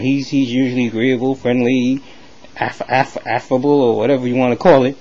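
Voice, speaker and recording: A man telling a comic story to the camera in a loose, rambling, animated way. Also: medium pitch, fast talker, muffled recording. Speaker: comedy vlogger.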